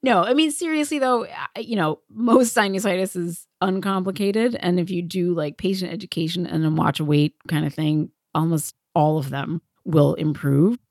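A female physician co-hosting a medical education podcast, talking conversationally and quick to share anecdotes. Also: on the low side, darkish tone, no echo, clean studio sound.

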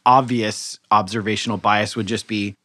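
This dry-voiced physician, pitched fairly low and talking at a moderate pace, co-hosts a podcast where he reviews medical papers. His relaxed, explanatory journal review is conversational, full of thinking aloud and restarts, and the recording has no room sound.

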